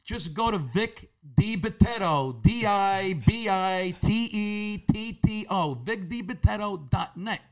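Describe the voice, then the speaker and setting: Brash gravelly New comedian. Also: male voice, high voice, expressive, slow, few pauses. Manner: brash, blunt, swears freely. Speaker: guest comedian. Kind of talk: casual chat.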